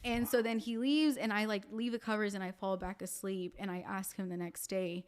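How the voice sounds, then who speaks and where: A woman telling a personal story in a casual podcast chat, animated, with many fillers, acting out the voices of the people in it. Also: medium pitch, brisk, smooth.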